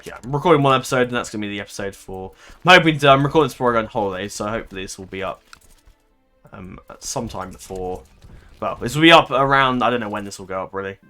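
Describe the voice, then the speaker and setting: A man's voice: fairly low pitch, very fast, bright, forceful tone, soft background music. A man giving casual let's-play commentary, thinking aloud in a rambling way, swearing and laughing easily. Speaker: gaming commentator.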